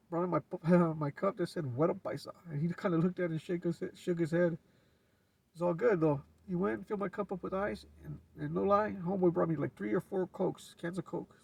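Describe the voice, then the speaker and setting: Casting: LA man, gravelly and raspy, laid-back storyteller heard from off-mic. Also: high voice, fairly quick, darkish tone, no room sound, recorded from a distance. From Los Angeles. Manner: laid-back street slang with frequent restarts. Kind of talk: casual storytelling.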